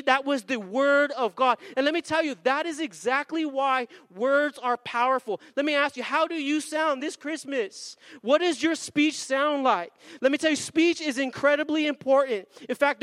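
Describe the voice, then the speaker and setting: A male pastor delivers an energetic sermon, his voice sitting unusually high for a man. He drives home points with call-and-response and slows down on key phrases. The sound is dry and close, with little room around it. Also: dry recording. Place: church sanctuary.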